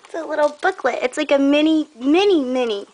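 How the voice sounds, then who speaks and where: A woman's voice: sits high, a little fast, darkish tone. A young woman showing off a craft trade in a casual vlog, gushing and admiring, a bit out of breath.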